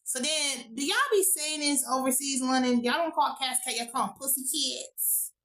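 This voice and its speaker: An American woman recapping a TV episode for her vlog audience, cursing freely as she tells the story. Her voice is bright and sharp. It sits fairly high. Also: normal speed, rough recording. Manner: profane, animated storytelling with frequent asides. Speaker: TV show reviewer.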